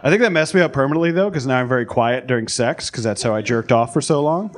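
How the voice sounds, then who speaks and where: A young American man doing a stand-up set, telling stories in a deadpan, self-deprecating way. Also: mid-range voice, fast talker. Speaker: stand-up comedian. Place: comedy club stage, live audience. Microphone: handheld stage mic. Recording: live club with loud crowd laughter.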